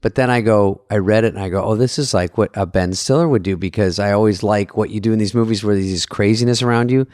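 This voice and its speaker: A man's voice: quick pace, few pauses, a little mellow, dry recording, clean studio sound. Rambling man telling a story. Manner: rambling storyteller, acts out quotes with jumpy pitch. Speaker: co-host. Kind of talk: casual podcast chat.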